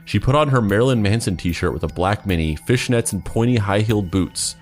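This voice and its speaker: A man's voice: on the low side, fairly quick, faint music behind. A man reading a bad story aloud in a mock-dramatic way, then joking about it with a co-host. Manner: animated, laughing, mock-dramatic. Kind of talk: mocking dramatic reading and banter.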